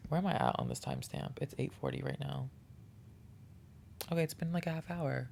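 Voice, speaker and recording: A man talks through a solo podcast in a heartfelt, encouraging way, restarting sentences as he goes. His voice is strongly gravelly with lots of vocal fry, sitting at an ordinary middle pitch. A faint noise and low rumble run underneath the recording. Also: a little fast, a little mellow. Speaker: podcast host. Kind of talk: reflective solo podcast monologue.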